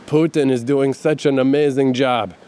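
A man's voice: mid-range voice, fairly even intonation, moderate pace, mellow, clean tone, natural voice. A man mimicking a gushing male online commenter. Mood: fawning. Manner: fawning, overly earnest.

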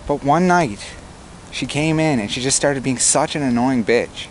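A man's voice: mid-range voice, normal speed, slight background noise, rough recording. A young man in casual chat outdoors, telling stories bluntly with lots of swearing. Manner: blunt and profane, animated storytelling. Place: outdoors at a picnic table outside a bar.

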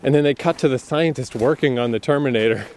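A man's voice: medium pitch, fast, darkish tone, slight background noise. Profane, blunt man ranting about movies. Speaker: movie commentator. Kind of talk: casual opinion monologue.

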